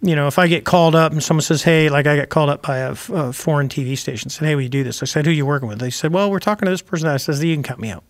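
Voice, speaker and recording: A man's voice: a little high, rapid-fire, few pauses. An older man, a retired Navy pilot, telling anecdotes as a guest in a casual interview, rambling with restarts and wry asides.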